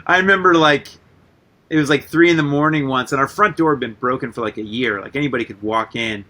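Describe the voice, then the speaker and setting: A man guest on a radio interview, telling rambling stories in a loose, animated way, full of "like" and casual swearing. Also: mid-range voice, quick pace. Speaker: guest artist and musician.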